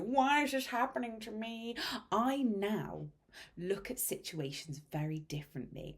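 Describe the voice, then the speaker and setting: A woman hosting a mindset podcast, telling a story in a casual monologue with dramatic hushed asides. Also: on the low side. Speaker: podcast host and mindset coach.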